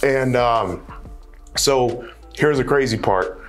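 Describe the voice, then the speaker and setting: Man guest, mid-pitched, earnest storyteller who restarts phrases, faint music behind. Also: slow. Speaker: guest real estate wholesaler. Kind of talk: casual storytelling in conversation.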